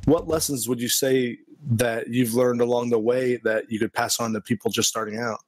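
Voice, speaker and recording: A man's voice: medium pitch, steady tone, moderate pace, a little hiss or hum. Joking male podcast host. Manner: friendly, joking, laughs easily. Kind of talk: casual interview chat.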